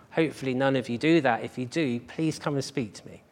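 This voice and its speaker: A man's voice: medium pitch, a little fast, few pauses. A man preaching a sermon as pastor at a church service, earnest and emphatic, driving his points home with repeated phrases.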